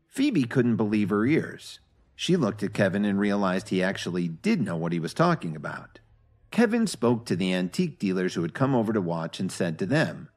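Low, husky male storyteller. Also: big pitch swings, moderate pace. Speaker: narrator. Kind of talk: scripted narration.

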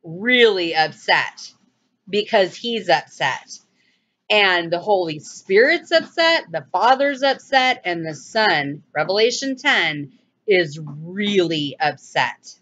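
A woman giving a casual, animated bible teaching, rambling with restarts and sudden exclamations. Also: lowish voice, slow pace, lo-fi sound.

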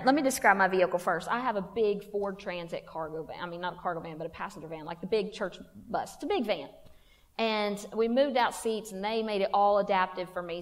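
A woman telling a funny personal story to a women's church conference, in a folksy, self-mocking way. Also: medium pitch. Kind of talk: humorous personal testimony talk. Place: church hall. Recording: long hall reverb.

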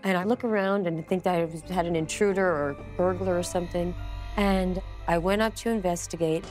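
Woman telling a ghost story, low-pitched. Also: steady tone, a little fast, a little mellow, soft background music. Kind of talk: documentary interview storytelling.

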